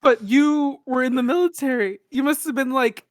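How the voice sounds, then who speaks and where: A woman's voice: high voice, moderate pace, no echo. Chatty woman co-host, dry close sound. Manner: chatty, lots of "like" fillers. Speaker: podcast co-host. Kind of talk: casual podcast chat.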